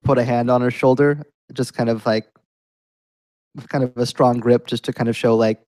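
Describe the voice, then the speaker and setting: A man's voice: medium pitch, fairly even intonation, normal speed, darkish tone, poor audio. A man playing a ranger in a tabletop game, talking casually with many fillers. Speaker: player.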